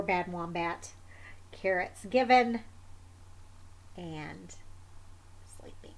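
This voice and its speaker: A woman reading a picture book aloud, gently explaining the pictures to young listeners, with soft whispered asides. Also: a little high, very animated, takes it slowly. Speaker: storyteller.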